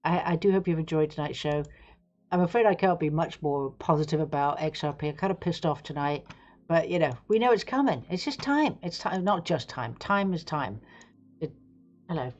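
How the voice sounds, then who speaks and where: A woman's voice: low-pitched, expressive, moderate pace, darkish tone, lo-fi sound. A woman hosting a live stream, chatting casually and frankly, swearing freely. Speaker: livestream host.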